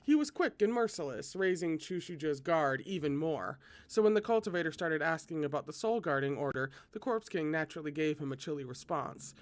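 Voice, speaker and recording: Expressive read-aloud reader with asides. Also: mid-range voice, fairly quick, few pauses, dry recording. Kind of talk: reading a novel aloud with asides.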